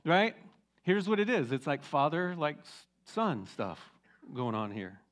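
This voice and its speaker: A middle-aged man, a teaching pastor, retelling a Bible story in a casual, animated sermon full of asides. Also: fairly high pitch, unhurried.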